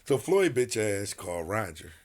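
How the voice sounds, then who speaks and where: With a lowish voice at a moderate pace, a man who once boxed professionally spins a story as a podcast guest. He laughs, swears, and performs everyone's quotes in an animated, casual telling.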